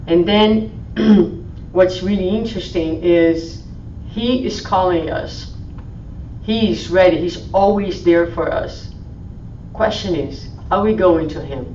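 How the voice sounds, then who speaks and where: A woman speaking at a spiritual meeting in a gentle, soothing sermon style, dropping to a hush when she quotes. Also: on the low side, takes it slowly, slight background noise. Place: meeting hall. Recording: roomy, distant, dull live stream audio.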